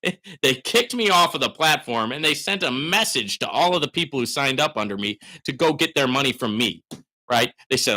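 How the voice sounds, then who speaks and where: A man runs a casual viewer question show in an animated, forceful voice that swings up and down in pitch. He keeps tagging his points with "right?" and breaks into loud hollering bursts. His tone is bright and pushing throughout. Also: moderate pace. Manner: frequent "right?" tags. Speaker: host. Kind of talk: live Q and A chat.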